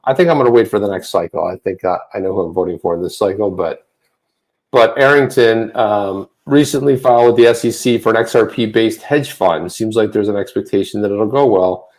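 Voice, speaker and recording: A man co-hosting a casual livestream chat, rambling with many restarts and getting animated when he rants. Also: fairly low pitch. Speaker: co-host. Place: home office.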